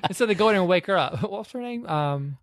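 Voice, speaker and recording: A man's voice: high voice, lively intonation, a little fast, dry recording. A man co-hosting a podcast, casually retelling movie scenes and acting out the lines, with many fillers. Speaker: podcast co-host. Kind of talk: casual movie recap chat.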